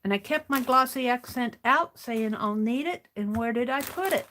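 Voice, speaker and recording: A woman's voice: fairly high pitch, animated, normal speed, a bit bright, slight background noise. A woman hosting a craft livestream, chatting casually and rambling to herself as she works. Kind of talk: casual chat while crafting.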